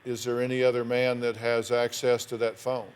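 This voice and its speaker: A man's voice: mid-range voice, completely flat delivery, normal speed, clear, resonant tone. Male talk show host, probing interviewer on a daytime studio set. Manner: probing, asks pointed yes-or-no questions.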